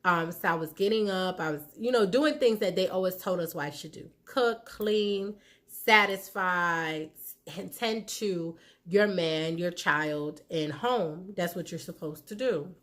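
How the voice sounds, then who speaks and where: A woman's voice: lowish voice, measured pace, fairly bright tone. A woman in her thirties talking candidly to her viewers about her marriage, frank and conversational, acting out what people said. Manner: frank and conversational, acts out quoted lines. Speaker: vlogger giving relationship advice. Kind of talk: candid personal talk to viewers.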